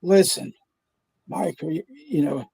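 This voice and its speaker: A man voicing a frantic, jealous prank caller with a strained, raspy, high voice. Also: slow pace, dark tone, full character voice.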